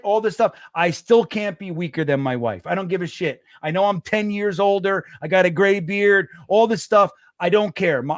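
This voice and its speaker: A middle-aged man, co-hosting a casual sports podcast, animated and swearing, acting out quotes in a raised voice. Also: high voice, dry recording, clean studio sound. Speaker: co-host.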